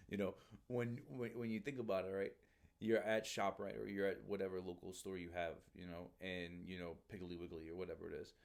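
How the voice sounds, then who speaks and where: A man hosting a casual podcast, talking animatedly and calling the listener bro. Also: low-pitched. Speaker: Marine recruiter podcast host.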